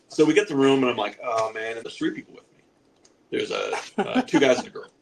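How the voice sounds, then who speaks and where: A man's voice: medium pitch, big pitch swings, fairly quick, gravelly, a little hiss or hum, low-quality recording. A man in his forties telling a rambling, profane comic story on a podcast, laughing at his own jokes. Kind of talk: casual comic anecdote.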